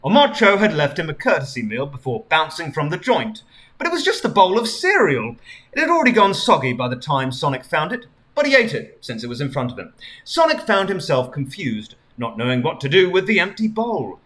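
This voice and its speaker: A man's voice: fairly high pitch, very animated, a little fast, fairly bright tone. Man reading fan fiction for laughs. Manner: mock-dramatic, chuckling. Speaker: streamer.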